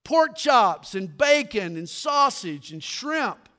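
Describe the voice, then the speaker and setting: A man preaching a sermon, telling stories with humor and dropping low and quiet for his punchlines. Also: takes it slowly. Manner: animated storytelling, drops to quiet for punchlines.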